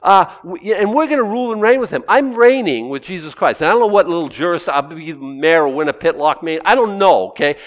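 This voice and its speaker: A man preaches with a fairly high voice. He bursts into loud, joyful exclamations, then drops into quiet, wry asides to his congregation. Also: fairly quick, few pauses. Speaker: pastor. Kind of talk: sermon.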